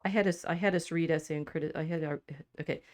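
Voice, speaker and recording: Animated, laughing woman podcast host. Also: sits low, fast talker, no echo, clean studio sound. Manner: animated and laughing, with frequent restarts and asides. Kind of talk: casual podcast discussion about literature.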